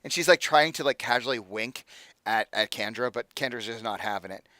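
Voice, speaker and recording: A man's voice: medium pitch, fairly quick, bright, forceful tone, no echo. A man narrating as game master in a tabletop game, talking in a casual, rambling way full of fillers.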